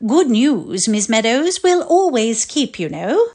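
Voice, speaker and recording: A woman reading the part of a prim, overly kind older headmistress with a measured, proper manner. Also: on the high side, sing-song, a little mellow, heavily acted.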